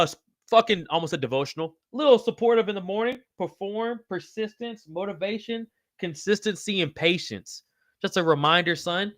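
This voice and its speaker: A man's voice: high-pitched, animated, moderate pace, a bit bright, no echo, clean studio sound. A man hosting a casual livestream podcast, reading chat aloud in a loose, slangy, profane way. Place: home room with wall signs.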